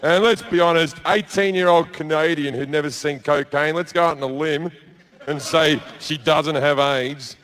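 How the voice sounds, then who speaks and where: On a comedy club stage, mic in hand before a live audience, a middle-aged man bluntly delivers a crude stand-up story full of swearing. He talks at normal speed with a steady, fairly bright, rather high voice.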